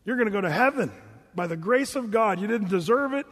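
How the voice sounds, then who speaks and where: A man with a high voice preaches a sermon in a relaxed, chatty way. He moves between scripture readings and joking asides. Long reverb from a large hall trails behind him. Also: a little fast.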